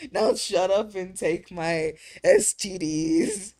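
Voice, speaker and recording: A woman's voice: medium pitch, gravelly, mellow. A woman streamer in casual chat, joking crudely and laughing often, trailing off into fillers between thoughts. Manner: crude teasing humor with frequent laughter.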